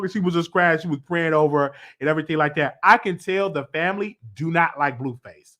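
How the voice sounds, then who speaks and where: A man hosting his own show, casually recapping and reviewing a TV episode in a slangy, animated way with loud bursts. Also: a little high, a little fast.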